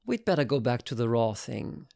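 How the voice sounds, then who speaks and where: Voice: mid-range voice, big pitch swings, moderate pace, vocal fry, a little mellow, voice pushed down. A reader voicing a wry, guarded man of seventy-one in an audiobook.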